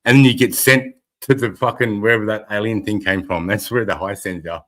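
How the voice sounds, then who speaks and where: A man's voice: fairly low pitch, steady tone, a little fast, bright, forceful tone. An Australian man hosting a casual livestream, rambling and swearing freely. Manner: rambling, heavy swearing, frequent laughter. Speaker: livestream host.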